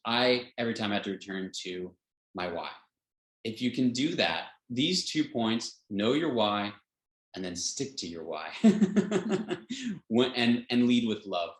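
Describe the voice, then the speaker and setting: A man's voice: on the low side, big pitch swings, measured pace. A man teaching a health class in an informal way, earnest, often chuckling and restarting his sentences with fillers. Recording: roomy echo.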